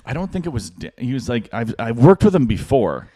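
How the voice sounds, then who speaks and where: A man's voice: mid-range voice, very animated, fairly quick, dark tone. A man co-hosting a podcast, telling a rambling, self-deprecating story in a casual way with lots of restarts. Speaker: podcast co-host.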